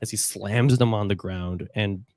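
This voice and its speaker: A male game master narrating a tabletop game and talking his way through scenes with plenty of fillers. His voice is a touch low, and the recording is close and dry. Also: measured pace, warm tone, dry recording. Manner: descriptive with frequent fillers.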